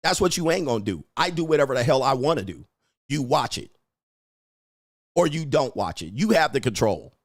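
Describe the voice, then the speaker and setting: A male livestream host giving brash, profane, combative commentary and laughing often. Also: on the high side. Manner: frequent laughter.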